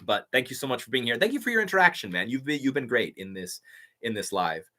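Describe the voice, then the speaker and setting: A YouTube impressionist, young and male, answers live chat quickly in a mid-range voice that's pushed and bright, with big pitch swings. In a casual, upbeat manner, he reads out comments and thanks people.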